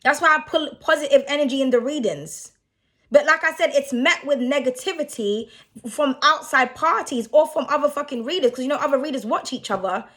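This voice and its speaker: A woman's voice: sits high, fairly quick, a bit bright. A young woman who reads tarot, ranting bluntly and with a lot of swearing in a casual vlog. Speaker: tarot reader.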